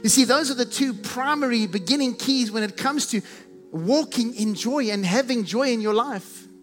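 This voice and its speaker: High-voiced preacher man in a reverberant hall. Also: moderate pace, faint music behind. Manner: earnest, repeats phrases in building lists. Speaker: pastor. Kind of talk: sermon.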